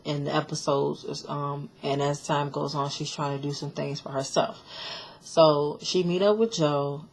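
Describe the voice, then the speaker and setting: Low-voiced woman giving a chatty recap. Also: gravelly, a little hiss or hum. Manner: chatty, opinionated, many fillers and restarts; blunt, sassy commentary. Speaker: show recap vlogger. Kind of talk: casual reality-show recap.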